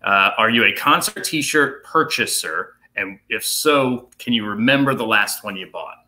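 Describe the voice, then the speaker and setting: A man's voice: fairly low pitch, animated, unhurried, pushed and bright, low-quality recording. A man co-hosting a casual sports chat, rambling and restarting his sentences. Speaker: radio show co-host.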